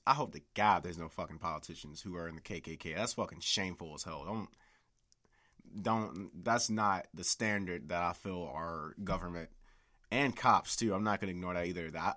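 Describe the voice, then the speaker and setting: A man's voice: deep voice, bright, forceful tone. A young man hosting a solo podcast, rambling and swearing a lot, with constant filler words. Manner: rambling, profane, heavy use of "like". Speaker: podcast host. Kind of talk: casual solo podcast rant.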